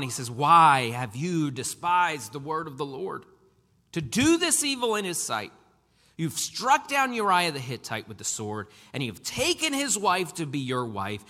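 Animated preacher man in a reverberant hall. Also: high voice. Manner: animated, emphatic preaching with sudden loud and soft turns. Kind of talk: sermon.

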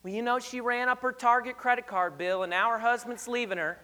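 A man imitating a nosy church lady who spreads gossip as a prayer request, in a hushed confiding voice. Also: very high-pitched, steady tone, brisk, big-room sound.

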